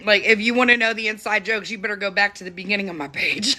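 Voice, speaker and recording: A woman's voice: medium pitch, bright, forceful tone. A woman chatting casually and laughing often while hosting a live stream from her phone at home. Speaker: TikTok live host. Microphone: phone camera.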